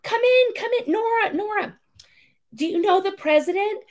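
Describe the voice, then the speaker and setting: A woman voicing a polite, excited female singer in a high, effusive tone while retelling a story. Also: normal speed.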